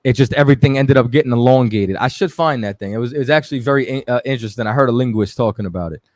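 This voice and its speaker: A man hosting a radio stream, chatting loosely and giving shout-outs to viewers. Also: medium pitch, rapid-fire, no room sound, clean studio sound. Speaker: radio show host. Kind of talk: casual live-stream talk.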